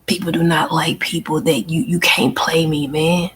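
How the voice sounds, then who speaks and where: A woman's voice: deep voice, steady tone, normal speed, a little hiss or hum. A woman hosting her own channel, venting bluntly and emphatically in a casual monologue, often swearing and repeating herself. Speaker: channel host and life coach.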